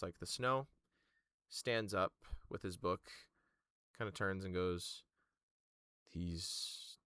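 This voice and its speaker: A man narrating a tabletop game as game master, halting and full of fillers. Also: sits low, fairly bright tone, clear, resonant tone, dry recording, studio quality.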